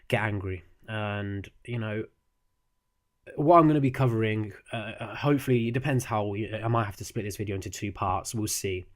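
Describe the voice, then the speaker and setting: A man's voice: on the low side, a little mellow. A young man, a university student, giving casual spoken advice into a desk microphone, earnest, restarting his sentences and checking in with "okay?". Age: young adult. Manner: earnest, repeats "okay?" often, frequent restarts.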